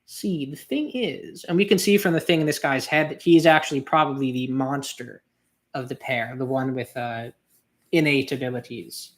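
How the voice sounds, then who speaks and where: A reader hosting a live manga read-through, stopping to comment on the story. The talk is loose and rambling, full of fillers and restarts, like thinking out loud. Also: mid-range voice, normal speed. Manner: casual and rambling, many fillers.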